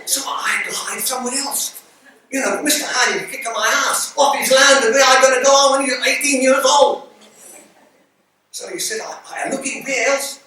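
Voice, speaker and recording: A man's voice: sits high, recorded from a distance, slight background noise. Older man telling stories in an echoey hall. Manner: animated, mimics broken-English speech of the men he quotes. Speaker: club speaker telling stories. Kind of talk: anecdotal storytelling to an audience. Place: club hall.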